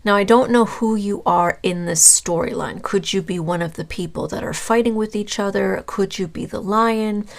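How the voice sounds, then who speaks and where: A woman giving a casual, rambling tarot reading, talking straight to her viewer and pausing with fillers as she searches for words. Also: mid-range voice, gravelly. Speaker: tarot reader.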